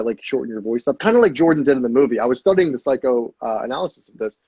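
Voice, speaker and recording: A man chatting as a podcast guest, energetic and swearing freely, often acting out sales calls. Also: mid-range voice, rapid-fire, few pauses, slightly rough, no room sound, muffled recording. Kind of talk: casual podcast chat.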